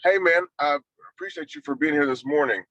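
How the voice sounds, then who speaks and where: Bright-voiced man asking a friendly question. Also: on the high side, wildly swooping pitch, gravelly, muffled recording. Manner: friendly, slightly halting. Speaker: real estate agent asking a question. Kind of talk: audience question.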